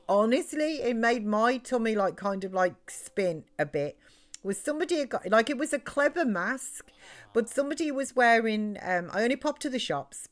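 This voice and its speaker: A middle-aged British woman chatting loosely while streaming a game, rambling with many fillers and restarts. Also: medium pitch. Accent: British English. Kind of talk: casual chat while live-streaming a game.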